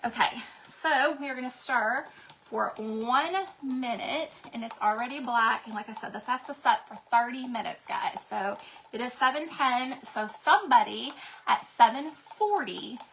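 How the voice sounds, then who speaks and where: A woman's voice: on the high side, unhurried, a bit bright, slight background noise. A woman hosts a crafting livestream, chatting casually, greeting viewers by name, and sounding congested and out of breath.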